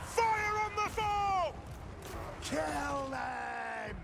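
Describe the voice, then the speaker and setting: A man voicing gruff male dwarf soldiers who bark short battle cries, as video game unit voice lines. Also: very high-pitched, lively intonation, extremely slow, heavily acted. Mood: shouting commands. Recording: loud battle noise behind.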